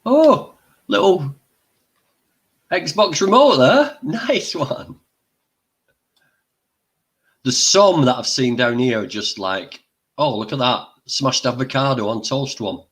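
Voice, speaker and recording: A man's voice: medium pitch, lively intonation, slow, long pauses, a bit bright. An older man hosting a casual livestream, chatty and exclaiming, eating while he talks. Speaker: livestream host.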